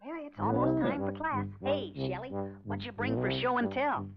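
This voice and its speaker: A woman doing a gravelly schoolgirl in an old film. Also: very deep voice, wildly swooping pitch, moderate pace, full character voice. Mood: singsong. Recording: dull old film audio with brass music.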